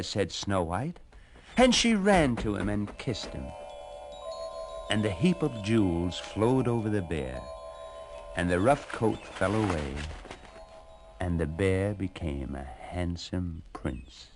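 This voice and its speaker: A man narrating children's fairy tales on a storybook record in an animated, expressive way. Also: deep voice, slow pace, over music.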